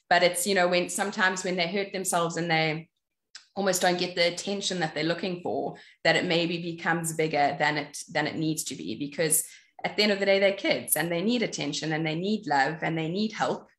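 Low-voiced woman in an echoey room. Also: steady tone, brisk, a bit bright. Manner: earnest, explaining with examples. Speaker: panelist. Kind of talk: casual chat.

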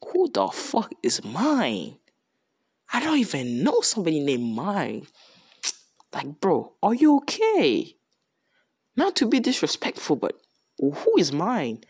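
A man's voice: on the high side, very animated, a little slow, heavily acted. A young man doing a blunt, baffled tall hero. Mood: bewildered. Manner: blunt, bewildered questions.

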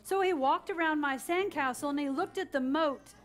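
A woman, a children's librarian, reading a picture book aloud to children in an animated way and leading them in call-and-response. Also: high-pitched, normal speed, faint music behind. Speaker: children's librarian hosting story time.

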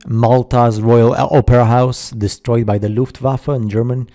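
A man narrating a slideshow in a casual, halting way, full of fillers and skeptical asides. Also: mid-range voice, little pitch movement, dark tone. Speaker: video narrator.

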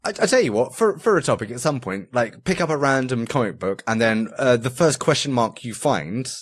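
A man's voice: mid-range voice, animated, brisk, husky. A man co-hosting a casual podcast chat, rambling with lots of restarts and casual swearing. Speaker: podcast co-host.

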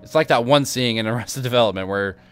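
A man's voice: mid-range voice, fast talker, fairly bright tone, soft background music. A man hosting a gaming channel, chatting casually with sarcastic, rambling asides while playing. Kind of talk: casual let's-play commentary.

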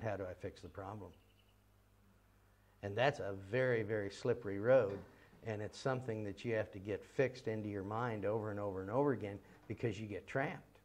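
A man's voice: mid-range voice, a little mellow. A man teaching a ministry seminar in an earnest, emphatic way, repeating key phrases and firing off runs of rhetorical questions.

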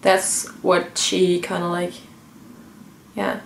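A woman's voice: on the low side, completely flat delivery, slow pace, gravelly, slight background noise. A young woman telling a personal story in an emotional, earnest vlog, with many fillers and restarts. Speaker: vlogger. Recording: roomy echo.

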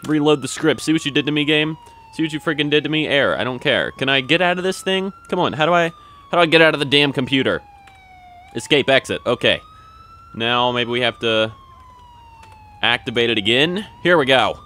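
A man's voice: fairly low pitch, normal speed. Jokey man commentating a game. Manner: jokey, rambling, mock police radio talk, excitable outbursts. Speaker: gameplay commentator. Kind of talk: joking let's-play commentary.

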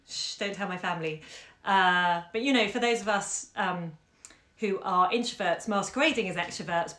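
A woman hosting a live-streamed story reading from home, chatty and expressive with fillers. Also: fairly low pitch. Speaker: bookshop owner and host. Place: home during lockdown. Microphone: phone camera. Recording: echoey room.

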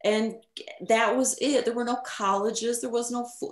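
In a casual interview, a middle-aged woman who works as a recording engineer tells stories with a frank, animated delivery, casual swearing, and plenty of fillers. Her voice sits fairly high and moves at a normal speed, and the room gives it a noticeable echo.

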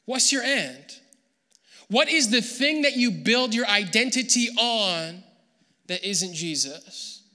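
A man preaching a sermon as pastor, animated and acting out the people he quotes. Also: high voice, slow pace, big-room sound. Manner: animated, acts out quoted voices. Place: church hall.

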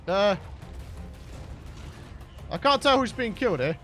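A young British man commentating his own gameplay with a bright, edgy tone. His fairly high voice swoops wildly up and down as he chatters and bursts out in excitement, like a let's play host talking straight to his viewers. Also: takes it slowly, faint music behind. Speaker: gaming channel host.

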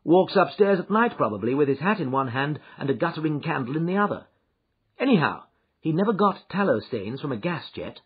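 Man voicing a confident detective, brisk, precise, breathy, animated, muffled audio. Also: a little high, full character voice. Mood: teasing. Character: shrewd confident male detective, middle-aged. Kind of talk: audiobook character reading.

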